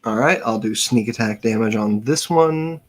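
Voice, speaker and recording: A man's voice: fairly low pitch, moderate pace. A man playing a tabletop game, joking and swearing casually as he takes his turn. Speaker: player.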